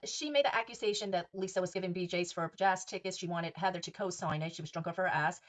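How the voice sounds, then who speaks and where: A female podcast host with a lowish voice speaks fast as she recaps reality TV gossip in a sassy, profane and emphatic way.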